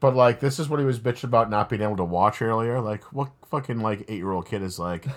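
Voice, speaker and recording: A man's voice: fairly low pitch, quick pace, few pauses. A young man in casual chat, watching a movie with a friend, joking, swearing and laughing often.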